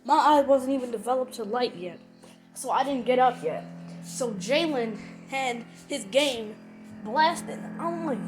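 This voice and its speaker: A high-pitched woman rants at home to her viewers, circling back and repeating herself with plenty of emphasis. Faint music plays softly behind her. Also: lively intonation, unhurried, rough recording. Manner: rambling, repetitive, emphatic. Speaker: channel host. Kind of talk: casual rant to viewers.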